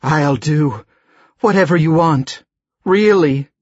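A woman's voice: takes it slowly, darkish tone, breathy edge, no room sound, highs cut off, full character voice. A man voicing a frightened young woman held captive, pleading in a shaky voice. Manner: shaky, pleading, higher-pitched.

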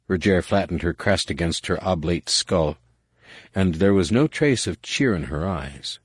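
A man reading a dramatic story as narrator, measured, with slow emphatic pauses. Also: low voice, expressive, slightly rough, no echo, studio quality. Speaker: audiobook narrator. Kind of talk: scripted narration.

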